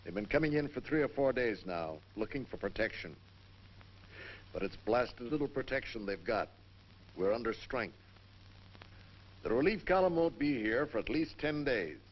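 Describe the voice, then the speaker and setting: An actor playing a weary middle-aged fort commander, speaking in a grave, measured way, in 1950s western film acting on a dull old film soundtrack. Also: male voice, mid-range voice, sing-song.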